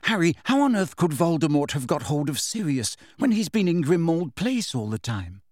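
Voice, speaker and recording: Guy doing a scared bookish teen witch girl, pleading, reasoning, high and jumpy, dry sound. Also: lively intonation, moderate pace, a little mellow, no echo. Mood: anxious, reasoning. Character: frightened anxious teenage girl, a bookish witch.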